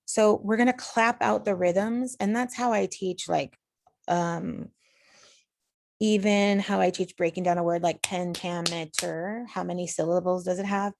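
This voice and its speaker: A woman's voice: lowish voice, steady tone, moderate pace, vocal fry, darkish tone, no room sound, studio quality. A woman teacher patiently talking students through a recorded online lesson, step by step. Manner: patient, explanatory, talks students through steps.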